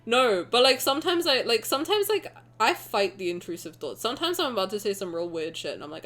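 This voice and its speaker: A woman streamer chatting casually with her viewers, animated, joking and making fun of herself. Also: fairly high pitch, a little fast. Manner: animated, joking and self-mocking.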